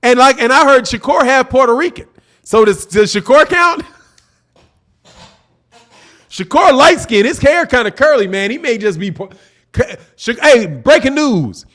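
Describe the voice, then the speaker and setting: A man's voice: very high voice, animated, measured pace, long pauses, fairly bright tone. A man hosting a boxing talk stream, reading viewer chats aloud in a loose, chatty way, repeating himself and laughing often. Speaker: boxing channel host. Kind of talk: casual livestream commentary reading viewer chats.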